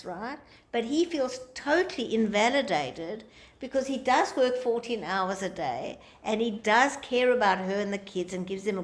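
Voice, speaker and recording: Woman teacher acting out dialogue. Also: mid-range voice. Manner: conversational, acts out quoted dialogue in changing voices. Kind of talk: informal lecture to a group.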